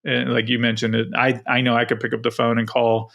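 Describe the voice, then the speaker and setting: A middle-aged man in easy podcast conversation, his voice gravelly with fry. He speaks in a flat, even tone and circles back over his words as he thinks aloud. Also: mid-range voice, fairly quick. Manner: rambling, many restarts. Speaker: podcast co-host. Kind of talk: casual podcast chat.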